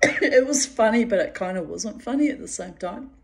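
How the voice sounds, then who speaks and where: A woman's voice: on the high side, moderate pace, gravelly. Laughing, swearing woman storyteller. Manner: lively, laughs while telling, swears freely. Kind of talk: casual personal storytelling.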